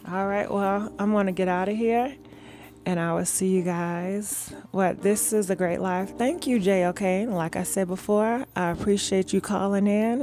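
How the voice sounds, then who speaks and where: A woman hosts a live gossip stream in a calm, soft, unhurried voice, taking her time between words. She chats casually and reads viewer comments aloud, filling pauses with "all right" and "mm-hmm". Faint music plays quietly underneath. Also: mid-range voice. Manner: calm, soft-spoken talk instead of her usual yelling; chatty, with many fillers like "all right" and "mm-hmm". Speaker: gossip show host.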